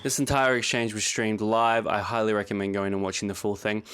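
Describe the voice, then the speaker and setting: A man's voice: fairly low pitch, little pitch movement, a little fast, a bit bright, a little hiss or hum. A man narrating a scripted commentary video essay, with dry, sarcastic humor.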